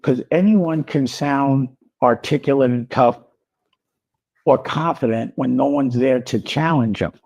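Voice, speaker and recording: A man speaking calmly and deliberately, giving advice in a measured, lecturing tone. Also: medium pitch, lo-fi sound. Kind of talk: measured spoken advice in a recorded clip.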